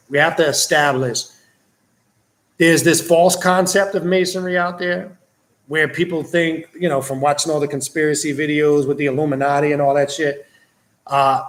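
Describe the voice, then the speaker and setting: A man with a voice on the higher side hosts a casual livestream and answers viewers' questions as they come in. He talks bluntly and swears freely. When he tells a story he gets animated and plays out the scene. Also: echoey room.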